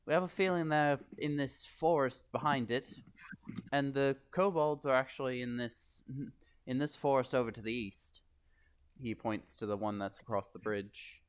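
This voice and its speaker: A man narrating as game master of a tabletop game, hesitant and halting, with frequent restarts. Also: mid-range voice, clean tone.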